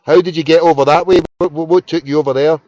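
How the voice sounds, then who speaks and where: Glaswegian male host, chatty and casual, a bit high-voiced, dry lo-fi home recording. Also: fairly even intonation, fast, a little mellow, no room sound. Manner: chatty, fumbling with the tech between calls. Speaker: phone-in show host. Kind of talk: casual phone-in chat. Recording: dull, lo-fi home broadcast.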